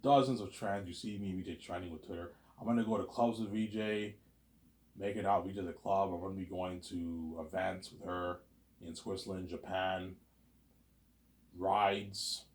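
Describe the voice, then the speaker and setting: A man talking in a casual, rambling monologue, repeating words and restarting sentences, with loud excited bursts that drop to low mutters. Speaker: vlogger.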